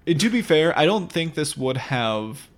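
A man's voice: fairly high pitch, big pitch swings, moderate pace. Dry-humored man in casual chat. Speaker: podcast co-host. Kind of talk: casual movie review chat.

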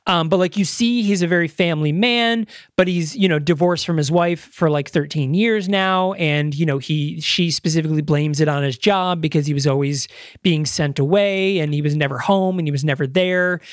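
A man's voice: a little high, normal speed, dry recording, clean studio sound. A man co-hosting a podcast, chatting casually, rambling and enthusiastic with casual swearing. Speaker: podcast co-host. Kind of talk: casual chat.

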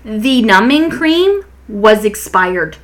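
A young adult woman co-hosting a casual podcast chat, telling an animated story, swearing freely and tacking on "and whatnot". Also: medium pitch, takes it slowly. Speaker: podcast co-host.

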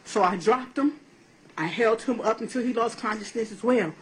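A woman's voice: fairly high pitch, normal speed, breathy edge, poor audio. A woman giving courtroom testimony, telling her account in a blunt, profane, emotional way. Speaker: defendant in court.

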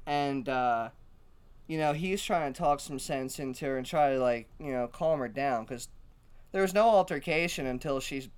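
A man co-hosting a casual podcast, telling a bar story in an animated, laughing way and swearing freely. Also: medium pitch, moderate pace, clear, resonant tone. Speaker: podcast co-host.

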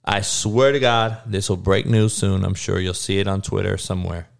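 A man ranting casually to his viewers, heated and profane, with slangy talk and stuttered restarts, dropping to low mutters and then bursting out loud. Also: flat delivery, normal speed, vocal fry. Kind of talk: casual profane rant to camera.

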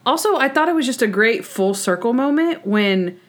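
A woman's voice: fairly high pitch, lively intonation, normal speed. A woman co-hosting a podcast, recapping a TV episode in casual chat and acting out scenes with quoted voices and sound effects. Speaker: podcast co-host.

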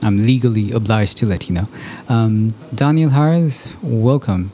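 A man hosting a podcast conversation, reflective and measured, with frequent pauses and fillers. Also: lowish voice, noisy background. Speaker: podcast host. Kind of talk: casual conversation.

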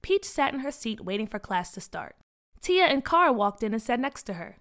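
A woman hosting a children's story podcast. She reads announcements and narrates in an excited, energetic way. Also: fairly high pitch, moderate pace.

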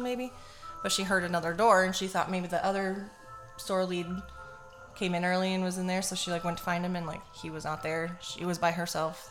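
A woman's voice: lowish voice, a bit bright. Woman, young adult, casual podcast host, storytelling, cusses, laughs, faint music behind. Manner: casual, swears freely, laughs easily.

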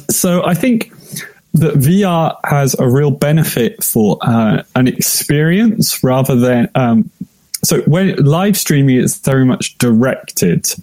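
British male guest, mellow voice, measured and hesitant. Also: mid-range voice, no room sound. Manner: thoughtful, hesitant with many fillers. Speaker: podcast guest. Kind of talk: casual podcast discussion.

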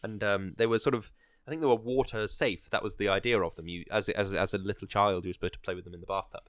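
A man's voice: fairly low pitch, steady tone, quick pace, no echo, studio quality. A man chatting casually about a film, rambling and hesitant with many fillers and restarts.

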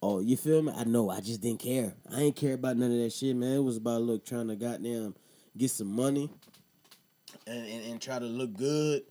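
This podcast host, a man in his thirties, talks at a moderate pace in a mid-range voice with a dark tone. On his casual show he shares a foul-mouthed, slangy anecdote, then discusses voting.

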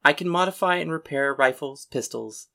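A woman voicing a tough, loyal young woman known as the whiskey girl, speaking low and earnest with dry humor. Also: animated, moderate pace, creaky, bright, forceful tone, heavily acted. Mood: steady.

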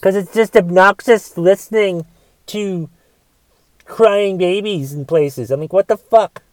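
A man's voice: sits high, unhurried, no echo. A man delivering a solo rant, exasperated and swearing often as he talks. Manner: profane, exasperated ranting with restarts.

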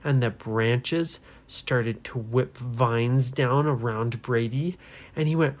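A woman telling a children's adventure story in a gentle, drawn-out way, dropping to a whisper for tense moments. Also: rumbling low. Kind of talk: bedtime-style adventure storytelling.

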